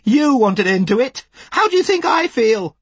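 A man reading an audiobook, voicing an agitated thin male client who shouts in a high voice that cracks into falsetto. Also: very animated, fairly quick, slightly rough, no room sound. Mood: furious. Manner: furious accusing outbursts.

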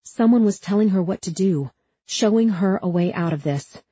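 A woman reading an audiobook aloud in measured, tense scripted narration. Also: mid-range voice, mellow, slightly rough, dry recording, muffled recording.

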